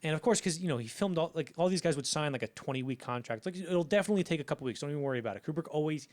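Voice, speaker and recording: His voice is a little high, animated and darkish, delivered rapid-fire. As co-host of a casual podcast about film history, the young man rambles through stories and plays out the people in them with quoted voices.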